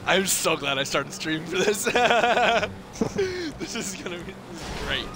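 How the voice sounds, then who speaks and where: A man's voice: sits high, measured pace. A man streaming a game live, drunk, trash-talking with lots of swearing. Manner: profane, excitable trash talk. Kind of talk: casual live gaming chat. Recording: noisy game audio behind.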